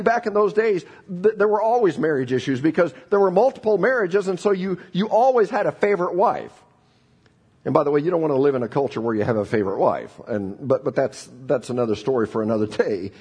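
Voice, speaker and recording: A middle-aged man preaching a sermon, telling the story in an animated way with frequent restarts. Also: on the high side, husky. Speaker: pastor.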